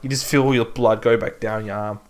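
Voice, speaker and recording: A man's voice: fairly low pitch, fairly even intonation, normal speed. A man, co-hosting a casual podcast and teasing his friend with dry one-liners. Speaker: podcast co-host. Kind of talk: casual chat.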